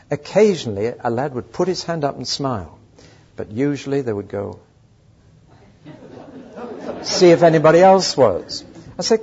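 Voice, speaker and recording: Older preacher, lively pitch, emphatic rhetorical questions, muffled old tape. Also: male voice, normal speed, husky. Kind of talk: sermon. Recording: dull lo-fi sermon recording.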